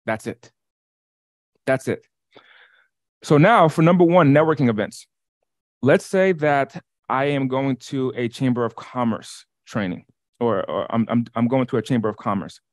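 A man co-hosting an online workshop, teaching in an energetic way, often restarting and repeating his words. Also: mid-range voice, a little slow, pauses often, dry recording, studio quality. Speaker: workshop co-host. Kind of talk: webinar teaching. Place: lives in Las Vegas.

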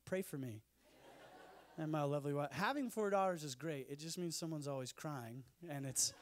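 Man, humorous conference speaker, self-deprecating, lively storyteller, slightly high voice. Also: moderate pace, slight background noise. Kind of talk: conference talk with humorous stories. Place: conference stage.

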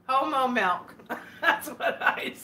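A woman's voice: high-pitched, animated, very slow, sharp tone, a little hiss or hum. A woman hosting a casual live stream, chatting and giggling as she answers viewer comments. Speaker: livestream host.

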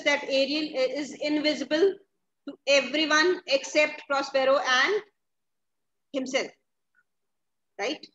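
Her voice sits high and a bit bright as she leads a literature lesson, rewording each line of a play and checking in with the class often. Sound is echoey and slightly dull, with a faint background hiss of noise.

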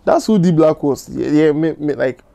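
A man's voice: fairly high pitch, animated, normal speed, vocal fry, mellow. A young Ghanaian man, a musician guest, telling stories in a casual interview and stumbling over many restarts. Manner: mixes Twi, Pidgin and English, many restarts.

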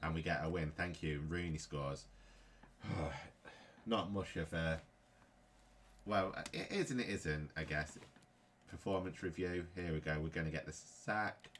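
Deep-voiced frustrated man gaming. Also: unhurried, fairly bright tone, a little hiss or hum. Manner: frustrated, grumbling. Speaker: gaming YouTuber. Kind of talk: casual gameplay commentary.

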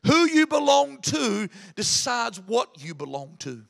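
A man preaching a sermon in a very high, bright and forceful voice. He drives his points home with sudden loud bursts, then drops into chatty, self-mocking stories from his own life. A heavy gravelly fry runs through his speech. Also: big pitch swings, unhurried. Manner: impassioned preaching that swings between loud emphasis and quiet asides. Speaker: pastor.

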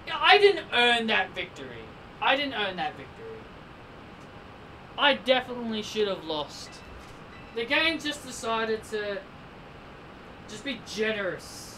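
An exasperated man talks slowly through his video game, repeating himself as he pleads with it and scolds it. His voice sits at an ordinary middle pitch. He is picked up from a little way off the microphone, with a faint hiss of noise behind him. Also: sing-song, bright, forceful tone. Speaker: let's play gamer. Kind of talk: casual game commentary. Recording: distant mic with faint background noise.

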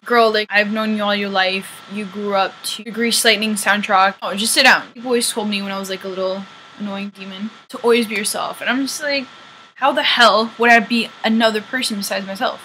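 Bright-voiced Canadian woman rambling. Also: mid-range voice, fairly even intonation, fairly quick, slight background noise, rough recording. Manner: rambling, joking, opinionated asides. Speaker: singer-songwriter vlogger. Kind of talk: casual chat to camera.

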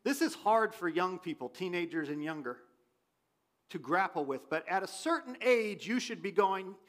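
A pastor preaching a sermon in a church, his voice swinging from loud questions to quiet asides. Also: sits high, expressive, moderate pace. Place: church sanctuary.

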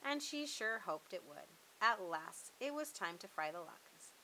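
A woman reads a children's picture book aloud, lively and expressive. Her voice is bright and clear. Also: medium pitch, measured pace, slight background noise, low-quality recording. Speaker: storybook reader. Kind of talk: children's storybook read-aloud.

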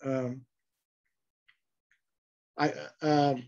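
A man's voice: mid-range voice, flat delivery, very slow, a little mellow, muffled recording. A man teaching an online Bible class, speaking thoughtfully with frequent fillers and restarts.

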